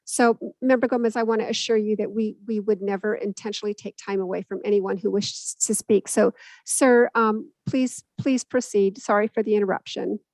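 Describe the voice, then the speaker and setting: A woman's voice: medium pitch, fairly even intonation, a little fast, hardly any pauses, darkish tone, dry recording, low-quality recording. A woman serving as mayor, chairing a council meeting in a polite but firm way and stepping in to keep order. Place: council chamber.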